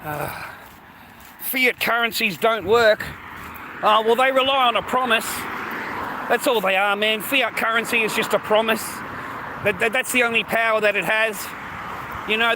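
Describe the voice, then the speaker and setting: A high-voiced Australian man rambles to his viewers, swearing often and dropping mate and bro into every sentence. He is recorded outside by a street, and traffic noise runs clearly under his voice. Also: moderate pace. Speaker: streamer. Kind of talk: casual rambling talk to viewers.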